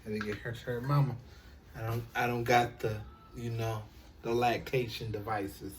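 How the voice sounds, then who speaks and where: A man hosting a reaction video, talking casually at home with loud, profane, animated outbursts. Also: medium pitch, moderate pace, far from the mic, slight background noise.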